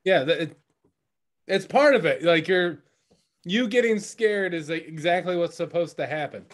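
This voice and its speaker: A man's voice: fairly high pitch, lively intonation, moderate pace. A man co-hosting a podcast, chatting casually with short agreeing replies. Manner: brief agreeing responses. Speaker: podcast co-host. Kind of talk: casual chat.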